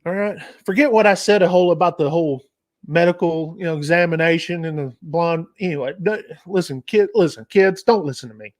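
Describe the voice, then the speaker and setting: Male host, higher-pitched voice, loose rambling storyteller on a casual livestream. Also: fairly quick. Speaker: trucking channel host.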